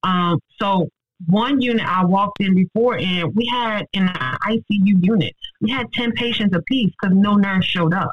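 A woman's voice: medium pitch, phone-quality sound, background noise. A woman ICU nurse, giving an earnest, faith-driven account of her work in an interview. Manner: earnest, heartfelt and faith-driven, quick and emphatic. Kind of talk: personal testimony in an interview.

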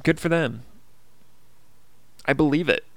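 A man's voice: a little high, measured pace, fairly bright tone, dry recording. A man hosting his own casual podcast, talking in an earnest, upbeat motivational way with plenty of fillers. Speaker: podcast host. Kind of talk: casual solo podcast monologue.

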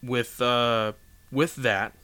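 A man's voice: mid-range voice, steady tone, extremely slow, pushed and bright. A man casually recapping a comic chapter in a rambling way, with many fillers and restarts. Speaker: manga chapter reviewer.

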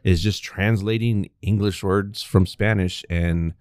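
A man's voice: deep voice, fairly even intonation, unhurried, a little mellow, no echo, clean studio sound. A man co-hosting a podcast who teases his partner, laughs often, and speaks to listeners. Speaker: podcast co-host. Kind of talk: casual podcast banter.

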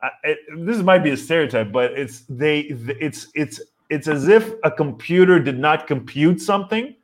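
A man's voice: a little high, lively intonation, normal speed. A man hosting a podcast, joking and teasing his guest and laughing while he talks. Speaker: podcast host. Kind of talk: casual chat.

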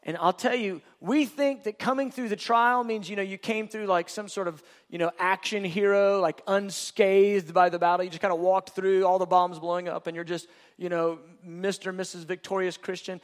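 A man preaching a sermon in an emphatic, repetitive way, full of rhetorical questions. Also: high-pitched.

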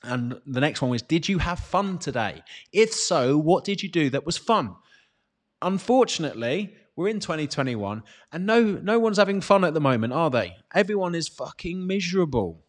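A man in his thirties with a British accent, giving a casual motivational talk as a fitness coach, blunt and energetic with free swearing. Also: on the high side, normal speed.

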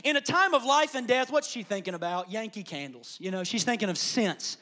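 A middle-aged man preaching a dramatic sermon in a high voice. He drops to near-whispers for the tender parts, then climbs back to loud, driving lines. He acts out the people in the story as he goes. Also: animated, a little fast. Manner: dramatic, swings from loud shouting to hushed whispers, acts out quotes. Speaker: pastor.

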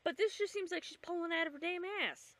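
A woman's voice: very high voice, fast talker, fairly bright tone, no echo. A woman co-hosting a podcast, chatting casually while they watch a movie, sardonic and swearing freely. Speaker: podcast co-host.

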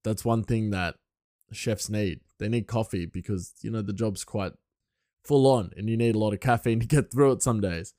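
A man's voice: lowish voice, moderate pace, warm tone, dry recording. Young man, rambling solo podcast chat, dry close sound, laughs often.

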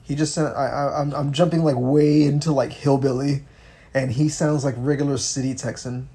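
Husky man, animated podcast co-host. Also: mid-range voice, moderate pace. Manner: animated, swearing, stumbling restarts. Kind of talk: casual political commentary.

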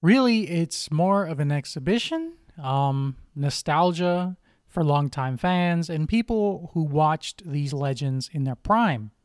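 A man's voice: a little high, expressive, slow pace, no echo, clean studio sound. A young man hosting a podcast, casually reviewing wrestling matches, rambling with many ums and restarts. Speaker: podcast host.

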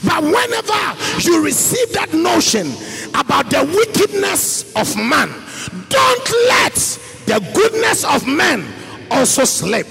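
Male preacher, high and bright, singsong delivery, long hall reverb under faint music. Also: very animated, slow, vocal fry. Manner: preaching in a sing-song voice that swings up to shouts. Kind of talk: sermon.

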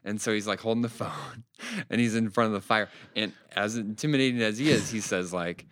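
A pastor chatting on a podcast, telling stories in an animated way and laughing often. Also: male voice, on the low side, a little fast, dry recording, clean studio sound. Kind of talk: casual podcast chat.

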